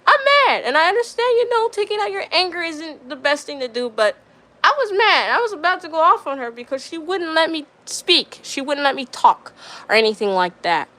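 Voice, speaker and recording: A woman's voice: high voice, big pitch swings, a little fast, pushed and bright. A young woman streamer telling a story in casual chat, rambling with lots of fillers and getting riled up.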